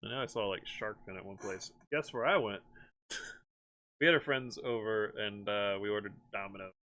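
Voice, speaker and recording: A man's voice: fairly low pitch, normal speed. Chatty man rambling with frequent laughs. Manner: rambling, laughs often, animated when excited. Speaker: streamer host. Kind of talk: casual chat.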